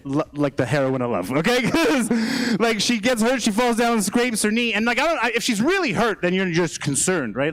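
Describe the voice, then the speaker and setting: A man's voice: sits high, a bit bright, poor audio. A man in his thirties with a Canadian accent doing a rambling stand-up set on a theater stage, swearing often. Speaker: stand-up comedian.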